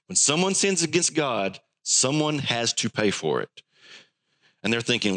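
A man's voice: mid-range voice, normal speed. A man preaching a sermon, acting out the voices of the people he quotes. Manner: animated, acts out quoted voices. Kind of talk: sermon teaching.

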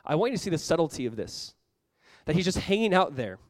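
A man's voice: on the high side, sing-song, fast, no room sound. A man preaching a sermon as pastor, earnest and conversational, often acting out what people say.

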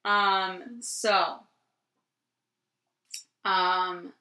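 A woman's voice: medium pitch, steady tone, extremely slow, bright, forceful tone. Profane storytelling woman in an echoey room. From New Jersey. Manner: rambling and profane, many ums, laughs easily. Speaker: podcast co-host. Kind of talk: casual storytelling chat. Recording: roomy echo.

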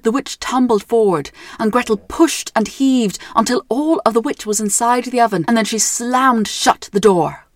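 A young Irish woman narrating a storybook tale in a gentle, measured way. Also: a little high, no room sound, clean studio sound.

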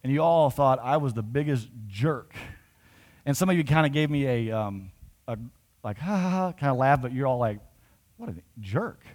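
A male pastor tells stories to his congregation in a conversational sermon. His middle-pitched, slightly mellow voice moves at a moderate pace and builds toward emphatic points.

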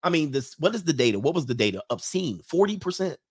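A man's voice: a little high, big pitch swings, fast, a little mellow, husky. Blunt, slangy man hosting a stream. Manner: blunt, slangy, laughs between points. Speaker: livestream host reading viewer comments. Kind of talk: casual opinionated commentary.

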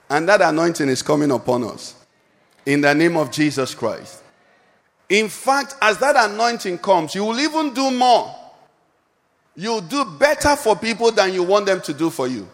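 A man's voice: a little high, vocal fry, long reverb tail. A male pastor preaching a sermon and calling out questions for the congregation to answer. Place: church hall.

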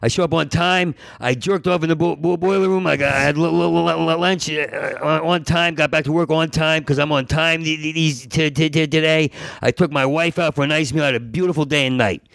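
A man doing a loud, proud recovering guy. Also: on the high side, quick pace, few pauses, no room sound. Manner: loud, stammering boasting.

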